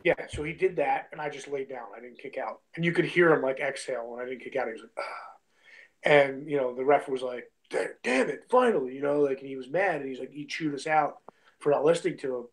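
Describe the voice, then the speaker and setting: A man's voice: mid-range voice, fairly even intonation, fast, low-quality recording. A young man telling a story in a loose, chatty way, peppering it with "like", "bro" and "you know what I mean". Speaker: guest, independent wrestler. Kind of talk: casual storytelling.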